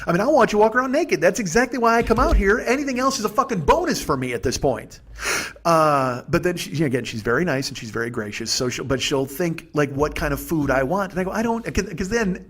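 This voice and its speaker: A man's voice: on the high side, lively intonation, brisk, a bit bright, slightly rough. A man hosting a podcast, telling a rambling, profane comic story with lots of stammering restarts. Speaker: podcast host.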